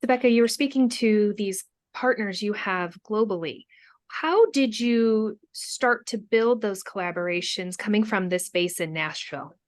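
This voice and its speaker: Woman moderator asking measured questions. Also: mid-range voice, dry recording, studio quality. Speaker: interview moderator. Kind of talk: live video-call interview. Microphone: video call.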